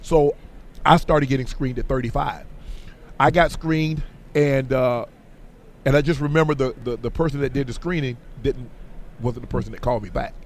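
A middle-aged man talks sports on the radio with emphatic, animated conviction. His voice is wearing hoarse after hours of talking. A faint background hum sits behind him. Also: mid-range voice, normal speed. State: voice getting hoarse. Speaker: guest, former football player.

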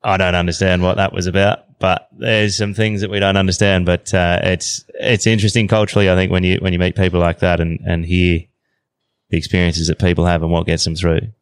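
Aussie bloke in his 30s telling a yarn on a podcast, real low voice, dead dry sound. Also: brisk, smooth, dry recording. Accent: Australian. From Australia. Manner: relaxed yarn-spinning, slangy. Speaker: podcast guest. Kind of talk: casual storytelling.

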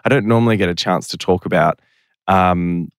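A man's voice: sits low, moderate pace, clear, resonant tone, no echo, clean studio sound. A man talking as a podcast guest, telling long stories in a rambling, self-deprecating way. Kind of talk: casual podcast interview.

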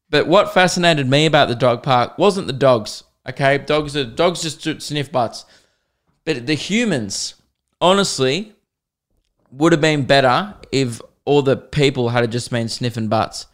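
A young man rants through a comic podcast monologue, crude and sarcastic, swearing freely. His voice is smooth and clear, sitting at an ordinary middle pitch for a man. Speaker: podcast host. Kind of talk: comedic solo podcast monologue.

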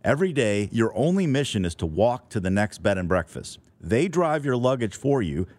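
A man's voice: mid-range voice, big pitch swings, normal speed, a little mellow, no room sound. A middle-aged man telling a scripted, wry, playful story as a podcast host.

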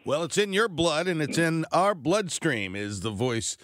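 A male radio host with a lively, swooping voice that rises and falls as he talks. He sounds eager and excitable, and the studio sound is dry and close. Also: on the high side, unhurried, no echo. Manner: excitable, enthusiastic. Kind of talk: radio interview.

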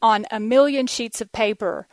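Texan woman host, chatty solo talk, fairly high voice, dry close sound. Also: normal speed, darkish tone, dry recording. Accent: Texas. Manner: chatty, laughs often, many fillers. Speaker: podcast host. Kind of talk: casual monologue.

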